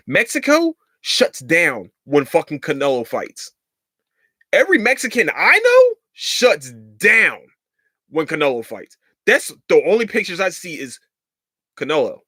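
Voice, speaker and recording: Heated profane man ranting, lively pitch. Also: dry recording, studio quality. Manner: heated, profane, sarcastic, repeats himself for emphasis. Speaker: podcast host. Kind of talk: casual rant.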